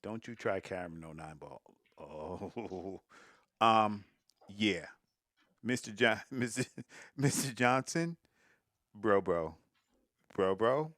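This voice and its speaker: Slow, low-voiced teasing pool commentator man. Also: fairly bright tone, no room sound. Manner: giggly, teasing, talks to viewers. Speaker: live stream pool commentator. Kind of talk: casual live sports commentary.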